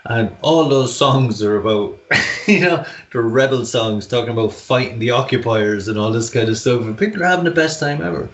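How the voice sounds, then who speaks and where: A man's voice: medium pitch, moderate pace, reverberant, lo-fi sound. An Irish man chatting on a podcast over a video call, telling stories with laughs and the odd swear word. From Ireland. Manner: animated, laughing, swearing storyteller. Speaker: podcast co-host. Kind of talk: casual chat.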